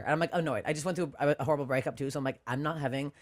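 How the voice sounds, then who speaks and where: A woman comedian telling stories in a casual podcast chat, animated, swearing freely and laughing often. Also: sits low, racing. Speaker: comedian guest. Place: podcast studio.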